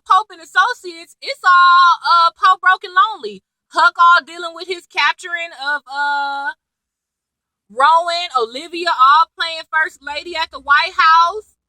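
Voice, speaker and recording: A young woman talks through a TV episode in a loose, slangy, animated way. Her voice sits high and sounds sharply bright. The recording is dry and close. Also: dry recording, rough recording. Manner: chatty, slangy, animated retelling with quoted asides. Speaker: TV episode reviewer. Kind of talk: casual recap chat.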